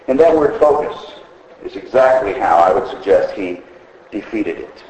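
A man preaching a sermon, telling stories with animated delivery and acting out the characters' lines. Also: medium pitch, reverberant, low-quality recording. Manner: animated storytelling, voicing characters in quotes. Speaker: pastor.

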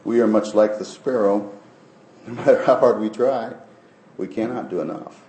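A male pastor preaching a sermon emphatically, often sinking to soft, low phrases. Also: normal speed. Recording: echoey room.

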